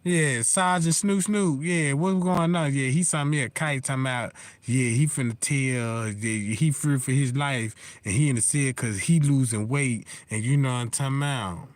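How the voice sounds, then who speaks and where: A man's voice: mid-range voice, moderate pace, hardly any pauses, no room sound. A man hosting a casual livestream, rambling and profane, getting heated and constantly asking if listeners know what he's talking about. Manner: heated and animated. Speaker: livestream host.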